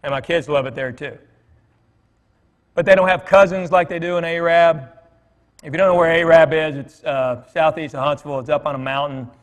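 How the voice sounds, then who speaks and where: Speaking at normal speed in a fairly high pitch, a middle-aged comic entertains a congregation with casual, humorous stories, tossing in fillers and asides. The large church hall gives the recording a long reverb.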